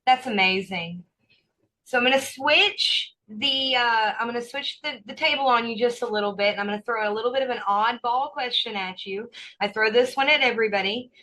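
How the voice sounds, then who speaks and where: A woman hosting a podcast and asking her guest measured, curious questions. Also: on the high side, sharp tone, low-quality recording. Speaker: podcast host. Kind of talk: interview questions.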